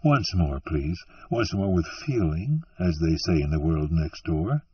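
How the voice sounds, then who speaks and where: Man doing a soft-spoken sardonic man in black. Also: low voice, big pitch swings, measured pace, breathy edge, no room sound, distant mic, voice pushed down, full character voice. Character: sardonic mysterious man in black, stranger in a bar. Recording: muffled, dry, from off-mic.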